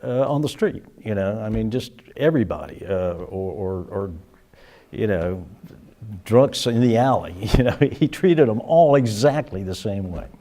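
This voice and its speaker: Low mellow older man telling stories. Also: animated, unhurried. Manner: rambling storyteller, many restarts, chuckles. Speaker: interviewee, musician. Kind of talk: casual reminiscing interview.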